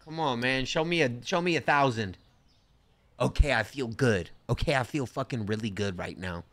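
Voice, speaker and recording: A man's voice: medium pitch, normal speed, a bit bright. A young man giving casual, slangy commentary while playing a store game, talking to himself and to the characters on screen. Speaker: gaming streamer.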